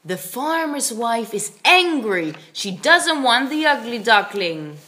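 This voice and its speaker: A woman narrating a children's story in slow, simple, expressive sentences for young learners. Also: on the high side.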